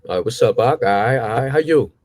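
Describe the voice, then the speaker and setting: A man's voice: brisk, dry recording. A young man, telling stories in a casual chat and acting out his past exchanges. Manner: animated, acts out his own past exchanges with rising pitch. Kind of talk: casual storytelling.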